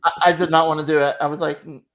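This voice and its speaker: A woman's voice: sits low, little pitch movement, racing, over a noisy crowd. A woman hosting a channel, chatting casually and emotionally, full of "like" fillers. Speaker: channel host. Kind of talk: casual chat recap.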